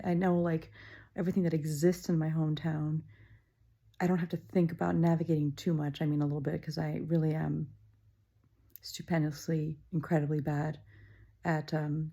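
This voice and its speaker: Low, mellow woman musing wryly. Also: gravelly, breathy edge. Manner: musing, wry and self-deprecating, many ums. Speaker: vlogger. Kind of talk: casual reflective monologue. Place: indoors at her childhood home.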